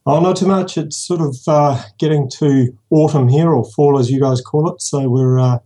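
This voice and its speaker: A man from New Zealand speaks with a Kiwi accent in a warm, mellow voice. He talks casually and hesitantly, filling pauses with ums and uhs, as if leaving a voicemail or chatting on a call. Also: a little high. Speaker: podcast listener and guest. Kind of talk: casual voicemail and interview chat. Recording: phone and Skype call.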